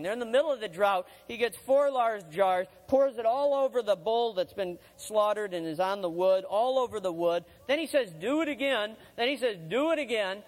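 A man preaching a sermon as a storyteller, voicing the quoted speakers and swinging from loud to hushed. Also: high voice, in a large hall. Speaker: former college chaplain preaching.

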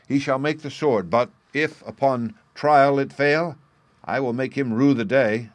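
A man's voice: mid-range voice, unhurried, voice pushed up, close to an everyday voice. A man voicing a proud, stern old master smith in a storybook reading.

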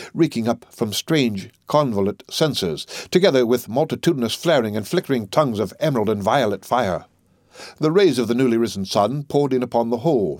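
A man narrating a classic story in a measured audiobook reading. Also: medium pitch, darkish tone, no echo, studio quality.

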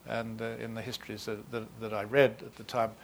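A man in his sixties from Australia with an Australian accent, a novelist talking before a reading in a halting, self-deprecating way with many restarts. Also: fairly low pitch, level tone, slight background noise. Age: 60s. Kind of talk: author talk before a reading.

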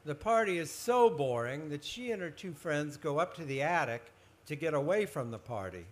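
A man, a children's author, reading his own horror story aloud at a book festival, expressive and building suspense. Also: fairly high pitch, moderate pace.

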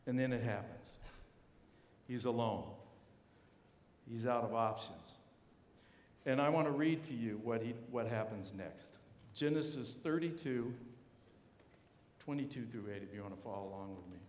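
A man, a university chaplain, preaching a sermon with animated storytelling, acting out the voices of the people in his story. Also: mid-range voice, normal speed, long pauses, a little hiss or hum. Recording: echoey hall.

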